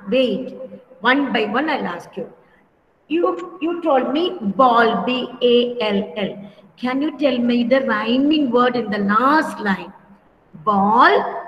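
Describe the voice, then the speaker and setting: Lady teacher on a video call, high voice, real slow and patient, lots of echo. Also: fairly bright tone, muffled recording. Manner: slow, patient, repeats words and calls pupils by name. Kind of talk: online class for young children. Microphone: computer mic on a video call. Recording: echoey room with long reverb.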